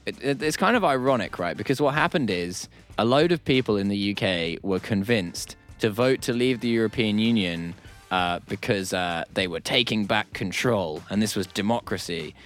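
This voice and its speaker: A man talks in a casual, rambling way, full of fillers and wry asides. His voice sits somewhat low. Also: expressive, normal speed, fairly bright tone, faint music behind. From England. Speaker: comedian in a panel chat. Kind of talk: casual comedic chat.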